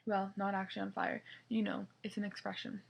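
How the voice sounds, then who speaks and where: A woman's voice: mid-range voice, level tone, brisk, creaky, breathy edge, lo-fi sound. A woman reading a children's novel aloud in the first person, with small slips and restarts. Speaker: reader.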